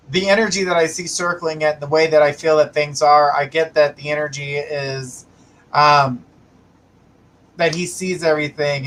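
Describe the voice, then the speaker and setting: A man hosts a live psychic reading stream, chatting casually, laughing a lot and reading viewer comments out loud. His voice sits on the high side and is a bit bright, in a low-quality recording with slight background noise.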